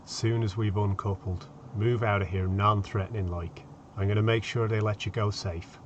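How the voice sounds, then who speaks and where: A man voicing a tough, calm male pirate adventurer who speaks in a steady, measured way. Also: lowish voice, dull audio, slight background noise, lightly acted.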